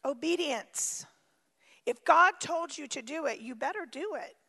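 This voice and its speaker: High-voiced, gravelly woman preaching in a hall. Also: expressive, a little slow. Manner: emphatic, swings from shouting to near-quiet. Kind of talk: sermon.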